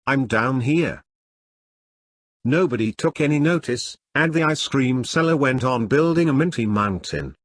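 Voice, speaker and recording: Brief: male textbook reader, deliberate lesson read-through, lively pitch, dry close sound. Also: no room sound. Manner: slow, deliberate, word-by-word. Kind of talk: reading a school lesson aloud.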